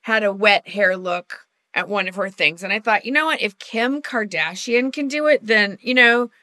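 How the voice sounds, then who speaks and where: A woman's voice: medium pitch, moderate pace, bright, forceful tone, no echo, studio quality. A woman co-hosting a casual video podcast, chatty and laughing often as she acts out little quotes. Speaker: podcast co-host.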